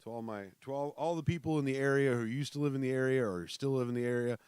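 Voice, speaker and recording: A man's voice: mid-range voice, fast talker, darkish tone, clear, resonant tone, no echo. A man from South Dakota hosting his own podcast, rambling in casual chat with many fillers and restarts. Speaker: podcast host.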